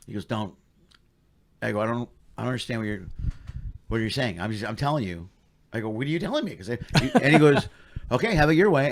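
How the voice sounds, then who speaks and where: A man hosting a casual comedy podcast, telling stories in an excited way and acting out the people he quotes. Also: lowish voice, gravelly. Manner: fast, excited, acts out shouted quotes. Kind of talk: casual chat, animated storytelling.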